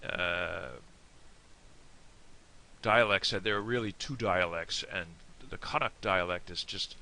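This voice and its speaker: A man's voice: deep voice, takes it slowly, pushed and bright, smooth. A man with an American accent giving a casual, digressive video lesson. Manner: chatty, digressive. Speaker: Irish language teacher.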